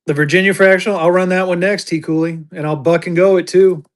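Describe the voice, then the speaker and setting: A man with a slightly higher voice runs a casual live auction from home. He talks in a loose, chatty way, full of fillers and thanks to his buyers. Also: fairly even intonation, quick pace. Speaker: livestream seller.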